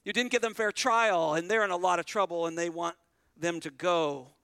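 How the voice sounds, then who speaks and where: A man with a high voice preaches a sermon in an earnest, conversational way, talking straight to his congregation. His voice is recorded close and dry. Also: steady tone, moderate pace, fairly bright tone, clear, resonant tone, no room sound. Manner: earnest, conversational preaching that retells scripture vividly; addresses the congregation directly. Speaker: pastor.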